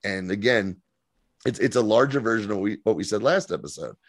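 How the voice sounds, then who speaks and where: A man in his thirties co-hosting a casual podcast, recapping a TV episode in an animated, profane way and slipping into quick mock voices. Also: lowish voice, no room sound. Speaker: podcast co-host.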